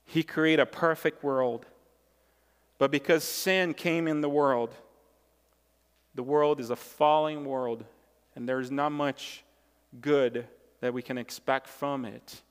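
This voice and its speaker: A man's voice: mid-range voice, steady tone, slow pace, pauses often, smooth. A male pastor delivering a sermon with emphatic, repeated phrases. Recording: long reverb of a large hall.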